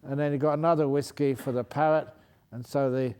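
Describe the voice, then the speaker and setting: A monk's warm, clean, mid-range voice carries a joke through a humorous dharma talk, with fairly even intonation and a slightly fast pace. He laughs at his own story and pauses to fix it, clearly enjoying himself.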